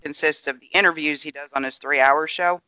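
A man co-hosting a podcast, explaining political news in a measured, careful way with some hesitations. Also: fairly high pitch, steady tone, bright, forceful tone, dry recording, rough recording. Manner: measured, explanatory, hedging with ums. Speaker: podcast co-host. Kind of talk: casual political chat.

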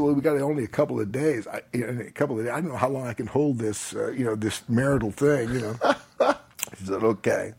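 A man, older, telling a personal story in a casual conversation, animated, often laughing and acting out what people said. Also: mid-range voice, a little hiss or hum. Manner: animated, laughs while telling, acts out quotes.

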